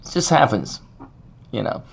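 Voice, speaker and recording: Rambling middle-aged man giving a talk. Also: normal speed. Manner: rambling and conversational, many fillers and restarts. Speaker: speaker at a faith talk. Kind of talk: casual talk on scripture.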